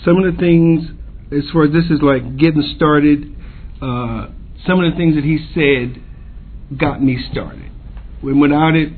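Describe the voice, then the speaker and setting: Slow, halting man on a tinny tape. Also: fairly high pitch. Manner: halting, many pauses and fillers. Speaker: recovery convention speaker. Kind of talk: personal recovery share. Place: convention meeting room. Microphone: podium microphone. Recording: tinny lo-fi tape with faint hiss.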